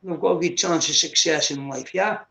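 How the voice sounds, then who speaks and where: A man's voice: on the high side, normal speed, a crowd in the background. A man in his fifties talking bluntly in a casual chat, swearing often and saying "mate" at every turn. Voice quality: gravelly. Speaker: guest on a live stream. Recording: echoey room.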